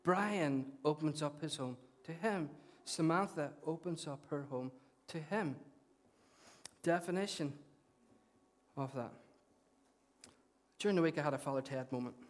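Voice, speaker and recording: A man with a Northern Irish accent preaching a conversational, animated sermon in a church, often repeating his phrases. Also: a little high, measured pace, pauses often. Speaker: pastor.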